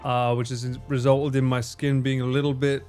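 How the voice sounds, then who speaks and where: A man's voice: medium pitch, level tone, normal speed, over music. A man hosting a casual livestream, reading viewer messages with lots of swearing and self-mocking jokes. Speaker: livestream host.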